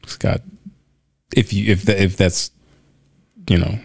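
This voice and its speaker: A man's voice: sits low, flat delivery, unhurried, darkish tone, husky, dry recording, studio quality. A man co-hosting a casual podcast, blunt and teasing, often cutting in. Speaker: podcast co-host. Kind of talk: casual chat.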